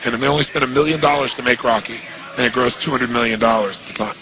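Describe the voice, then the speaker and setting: A man's voice: mid-range voice, fast, background noise. A male motivational speaker telling a story animatedly to his audience, throwing out rhetorical questions. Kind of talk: storytelling seminar speech.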